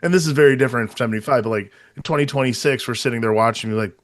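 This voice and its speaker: A man's voice: mid-range voice, racing, no room sound, studio quality. A man co-hosting a casual movie podcast, rambling and swearing, with lots of fillers and restarts. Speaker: podcast co-host.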